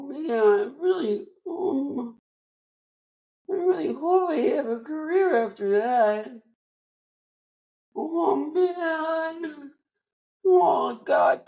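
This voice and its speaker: Man playing a weepy has-been actor, high wailing whine, crying. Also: vocal fry, mellow, roomy sound, dull audio, exaggerated voice. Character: sobbing washed-up male actor, self-pitying.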